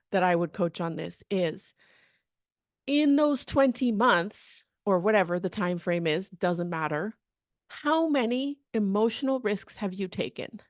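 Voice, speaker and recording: A woman career coach talking in a podcast monologue, energetic and chatty, often asking "okay?" and "right?". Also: mid-range voice, dry recording, studio quality. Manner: energetic, chatty, acts out quoted people, frequent "okay?" and "right?".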